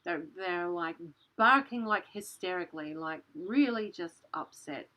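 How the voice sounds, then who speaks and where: A woman, telling a story in a casual way, animated and breathless, full of "like" and the odd swear word. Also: on the low side, measured pace, highs cut off. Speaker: channel host.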